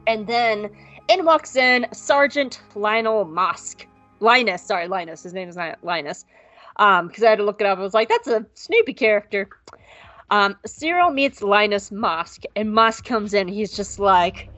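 A woman's voice: on the high side, expressive, a bit bright, faint music behind. Woman doing a comic show recap. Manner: acts out characters in quick comic voices. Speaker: podcast co-host. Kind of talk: casual comic episode recap.

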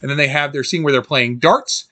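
A man casually recapping a film as podcast host, animated, quoting scenes and laughing often. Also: fairly quick, no echo. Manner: animated, quotes scenes in jumpy high voices, laughs often.

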